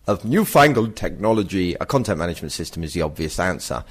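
A middle-aged man chats as a podcast co-host. His husky voice swoops up and down a lot, and he drifts between casual advice and playful, self-mocking rants. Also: low-pitched, very animated, fast talker.

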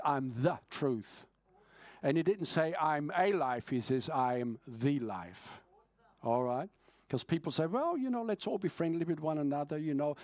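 A male preacher delivers an evening sermon in an earnest, urging manner. His voice sits slightly high for a man. The sound is dry and close, with no room echo. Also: darkish tone. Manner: earnest, urging, speeds up and slows down for emphasis.

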